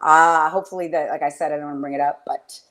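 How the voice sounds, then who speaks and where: A woman's voice: low voice, steady tone, fast talker, a bit bright. A woman hosting a casual fan chat, rambling and swearing with enthusiasm, often trailing off mid-sentence. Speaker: podcast host.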